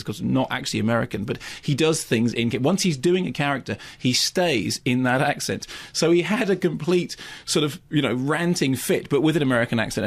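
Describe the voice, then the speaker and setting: A man, a film critic riffing wryly on a radio review show, with quick stammered restarts. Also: mid-range voice. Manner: rapid, wry, tangent-prone with stammered restarts.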